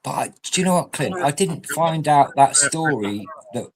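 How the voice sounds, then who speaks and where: A man's voice: a little high, animated, normal speed, background noise. A man, telling rambling, swear-laden stories in casual chat.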